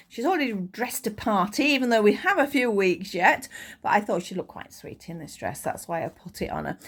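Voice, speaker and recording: A middle-aged woman, a little hoarse, chatting enthusiastically through a crochet tutorial as the channel host. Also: medium pitch, fairly bright tone. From United Kingdom. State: slightly hoarse.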